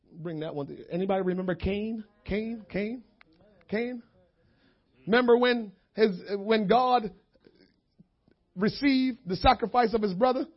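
A man preaching a sermon. He swings from hushed asides to impassioned shouting. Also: high voice, husky. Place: church. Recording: dull lo-fi church recording.

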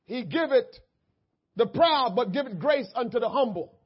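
A man preaching a sermon, moving from quiet, low asides to shouted, drawn-out scripture lines. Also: expressive, husky, muffled recording. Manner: drawn-out emphatic scripture reading. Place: church.

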